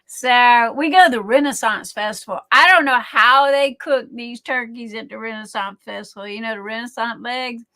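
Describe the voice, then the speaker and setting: A woman's voice: on the high side, moderate pace, few pauses, sharp tone. A middle-aged woman hosting a livestream, chatting in a rambling way full of fillers and restarts. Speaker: livestream host. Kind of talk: casual chat.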